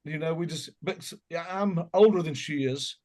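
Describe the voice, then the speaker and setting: A man's voice: on the high side, moderate pace, a little mellow. A middle-aged man with a Southern accent, telling folksy, joking stories as an interview guest. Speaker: musician guest. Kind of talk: casual interview chat.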